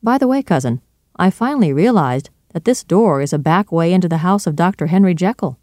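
A man's voice: high-pitched, lively intonation, brisk, a little mellow, no room sound, studio quality, voice pushed up. A reader voicing a polite, agreeable younger man who speaks pleasantly in a storybook reading. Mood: eager.

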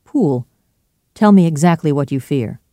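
A man voicing a calm, firm, middle-aged lawyer who speaks in a measured, commanding way. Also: on the high side, no room sound, studio quality. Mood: stern.

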